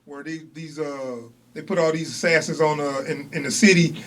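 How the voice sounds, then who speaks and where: A man's voice: fairly high pitch, steady tone, normal speed, background noise. A young man co-hosting a podcast in casual chat, laughing often and rambling in loose slang. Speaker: podcast co-host.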